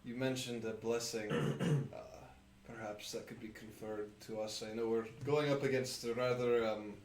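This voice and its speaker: A man playing in a tabletop game, talking in an animated way and laughing often. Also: mid-range voice, moderate pace. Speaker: player. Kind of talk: tabletop role-play banter. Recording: roomy with clear background noise.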